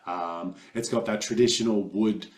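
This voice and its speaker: Relaxed Australian man, low voice. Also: normal speed. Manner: relaxed, rambling, filler-heavy. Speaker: podcast co-host. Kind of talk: casual chat. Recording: roomy room sound.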